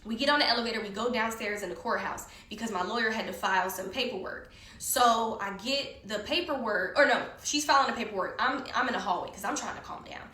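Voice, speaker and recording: A woman telling a story in casual conversation, animated and heated, swearing often, recorded in an echoey room. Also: fairly high pitch, fast talker, hardly any pauses. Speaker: guest storyteller.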